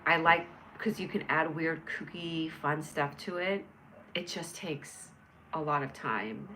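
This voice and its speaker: A woman's voice: sits low, slow pace, pushed and bright, slight background noise. Bubbly rambling woman livestream host. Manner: bubbly, rambling, reads chat comments aloud and answers viewers. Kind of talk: casual livestream chat.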